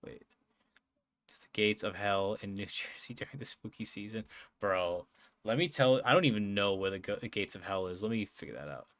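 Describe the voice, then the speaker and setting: A man's voice: on the low side, animated, brisk, a bit bright, dry recording. A young man chatting casually on a live stream, rambling with lots of fillers, swearing and frequent laughs. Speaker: streamer and podcast host.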